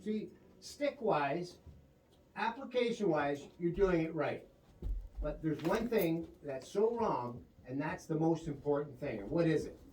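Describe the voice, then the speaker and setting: A man teaching a one-on-one drum lesson, coaching his student and counting the beats out loud. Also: on the high side, animated, measured pace, noisy background. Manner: coaching, counts beats aloud over the playing. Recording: roomy, distant mic, loud drums behind.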